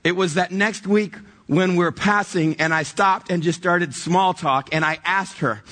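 A middle-aged man preaching a storytelling sermon, animated and self-mocking, acting out dialogue from his past. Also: high voice, unhurried. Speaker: pastor. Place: church stage before a congregation.

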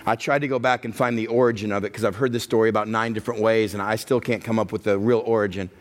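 A middle-aged male pastor preaching a sermon, acting out the inner voices he hears and building to a loud, passionate close. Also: lowish voice, fairly even intonation, fast talker.

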